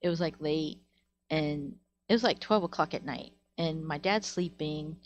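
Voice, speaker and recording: Recorded at home through a webcam or desk mic, a deep-voiced woman streamer chats with her live audience at normal speed. Her storytelling is casual and rambling, packed with fillers and frequent use of "like."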